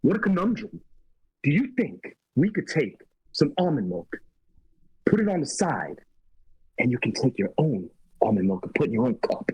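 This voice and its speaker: A man doing an impression of an older actor, speaking in halting phrases with odd pauses. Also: mid-range voice, big pitch swings, darkish tone, breathy edge, no echo, muffled recording. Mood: puzzled. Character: older male actor, dry and puzzled, halting beats.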